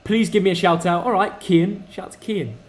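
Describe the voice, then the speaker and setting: A young man hosting a live football watch-along stream, chatty and excitable, talking to his viewers. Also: high-pitched, a little fast. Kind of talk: casual live match watch-along commentary.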